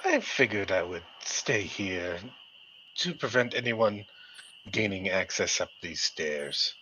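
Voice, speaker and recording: A man's voice: low-pitched, very animated, takes it slowly, sharp tone, a little hiss or hum, low-quality recording. Man with a wildly swooping voice. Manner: smooth, courtly, persuasive. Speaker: player. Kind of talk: in-character tabletop role-play.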